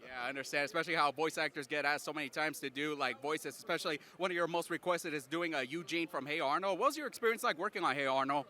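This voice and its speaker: An upbeat man hosting a convention interview speaks quickly in a very bright, sharp voice. His questions come eager and loose, packed with fillers, recorded outdoors among the event. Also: fairly high pitch.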